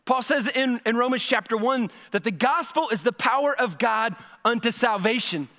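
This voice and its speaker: A male pastor with a high, light voice delivers his sermon in a church sanctuary. His speech is conversational, and he doubles back on words as he builds toward a point. The sound carries a long reverb from the hall. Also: moderate pace, bright, forceful tone.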